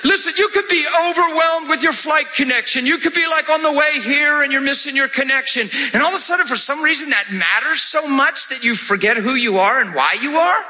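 A male pastor preaching, telling a testimony with acted-out dialogue and bursts of shouted praise. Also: extremely high pitch, fairly quick, hardly any pauses. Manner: animated storytelling, acting out dialogue, shouting praise. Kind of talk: sermon testimony.

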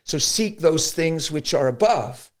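Animated middle-aged male preacher. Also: fairly high pitch, unhurried. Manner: animated storytelling, acts out quotes. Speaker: pastor guest. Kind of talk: conversational preaching.

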